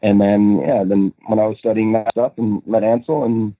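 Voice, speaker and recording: A man's voice: lowish voice, flat delivery, moderate pace, dry recording. Man from Minnesota over a tinny line. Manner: rambling, laughs often, many fillers. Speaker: actor, guest. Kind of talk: casual interview chat. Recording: tinny phone-like line, dry.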